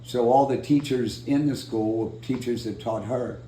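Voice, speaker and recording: Animated male storyteller in an echoey room. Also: medium pitch, moderate pace, slight background noise. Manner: animated storyteller, acts out quotes. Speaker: oral history interviewee. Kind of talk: storytelling in an interview. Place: room in San Diego.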